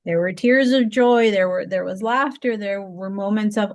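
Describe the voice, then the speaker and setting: Woman guest sharing a personal story in an interview; earnest, halting delivery with frequent restarts, medium pitch. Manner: halting, restarts and repeats words; heartfelt, lively pitch swings.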